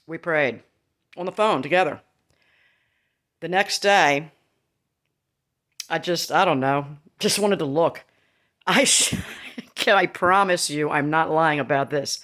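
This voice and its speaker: A woman's voice: deep voice, lively intonation, moderate pace, pauses often, a bit bright. A woman in her fifties telling a candid, rambling personal story to her viewers, with laughing asides. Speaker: vlogger. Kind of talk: casual storytelling to camera.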